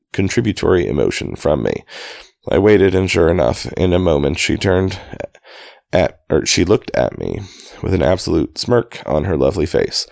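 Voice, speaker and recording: A man's voice: low-pitched, vocal fry, darkish tone, dry recording. A man reading a novel aloud in a dry, casual way, fixing slips and breaking off for chatty asides. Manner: dry, self-correcting, stops to comment on his own reading. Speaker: reader of a novel.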